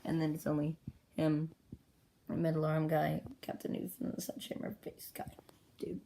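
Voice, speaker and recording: A woman's voice: low voice, completely flat delivery, normal speed, vocal fry, warm tone, slight background noise, rough recording. A woman rambling breathlessly through the story of her homemade comic, popping into squealed character voices. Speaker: comic creator. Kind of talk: casual retelling of a homemade comic.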